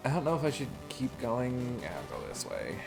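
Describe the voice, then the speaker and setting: A man's voice: medium pitch, wildly swooping pitch, a little fast, creaky, music in the background. A young man chatting casually while streaming a game, telling rambling stories and laughing often. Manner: rambling anecdotes, frequent laughter.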